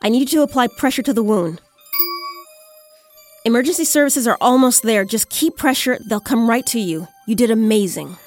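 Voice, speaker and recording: A woman voicing a young 911 dispatcher who gives calm, firm instructions. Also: on the high side, moderate pace, faint music behind, lightly acted. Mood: steady.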